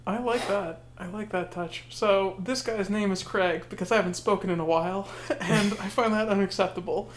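A woman's voice: medium pitch, moderate pace, hardly any pauses. A woman co-hosts a laid-back podcast, chiming in with short, dry jokes. Her voice sits in a middle range, and a faint background hiss runs under the recording. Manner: dry, joking interjections. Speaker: podcast co-host. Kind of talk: casual podcast banter.

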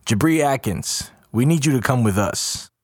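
A man voicing a cold agent who speaks in a flat, machine-like way. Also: medium pitch, no room sound, studio quality, voice pushed up, lightly acted. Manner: flat, measured, repetitive. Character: cold robotic man in black, flat and mechanical.

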